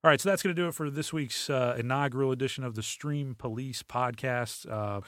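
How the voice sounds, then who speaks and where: A man's voice: mid-range voice, brisk, no room sound, clean studio sound. A man hosting a podcast, talking casually with many fillers and restarts. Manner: relaxed, rambling, frequent fillers and restarts. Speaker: podcast host. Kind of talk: casual solo podcast talk.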